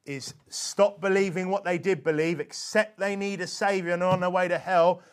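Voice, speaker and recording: A man with a notably high voice teaches in an informal, conversational way. He is earnest and emphatic, repeating and restarting phrases as he goes. He keeps checking in with his listeners with a quick "okay?". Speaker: evangelism instructor. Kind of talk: informal religious teaching talk.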